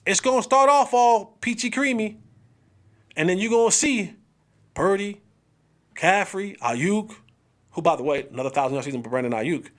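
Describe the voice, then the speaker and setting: A male host giving casual, slangy sports commentary, emphatic and animated, with drawn-out exclamations and lines spoken straight to the viewers. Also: sits high.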